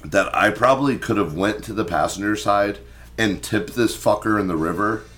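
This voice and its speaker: A young man co-hosting a podcast, telling a story in casual, profane chat and loudly acting out what he said back then. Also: on the low side, moderate pace, background noise. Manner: animated, swearing, acts out his own past lines loudly. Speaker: podcast co-host.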